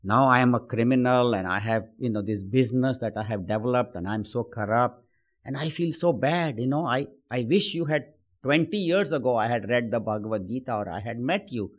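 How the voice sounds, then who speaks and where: A man's voice: mid-range voice, brisk, close to an everyday voice. A man voicing a remorseful, corrupt businessman who pleads and reproaches himself in a story told during a talk. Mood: regretful.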